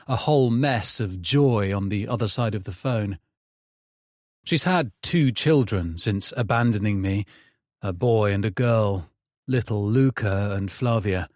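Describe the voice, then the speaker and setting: A man narrates a dark first-person thriller, weary and bitter in tone. His voice is on the low side and unhurried, very slow in pace. The recording is close and completely dry. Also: dry recording. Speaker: audiobook narrator.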